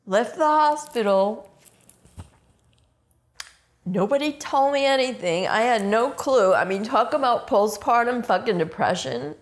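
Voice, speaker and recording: A woman's voice: fairly high pitch, lively intonation, unhurried. Middle-aged woman, interview subject; intense, unfiltered, frequent swearing. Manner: raw, blunt, swears often, emotionally intense. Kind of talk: emotional personal storytelling interview.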